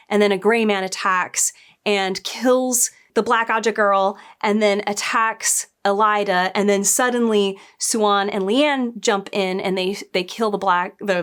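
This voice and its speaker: A woman's voice: medium pitch, a bit bright, clean tone. A young adult woman casually reviewing a TV episode, retelling scenes in a chatty way with quoted lines and asides. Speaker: show reviewer.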